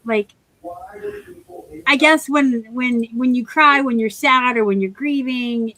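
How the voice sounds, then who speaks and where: A woman's voice: high-pitched, slow pace, sharp tone, rough recording. A woman with an American accent, co-hosting a casual live chat and reacting frankly and sympathetically. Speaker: co-host of a reseller live chat.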